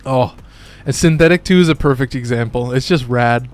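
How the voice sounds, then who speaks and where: A young man commentating casually on his live stream, rambling and excitable, often saying "like", with the odd curse. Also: mid-range voice, normal speed, soft background music.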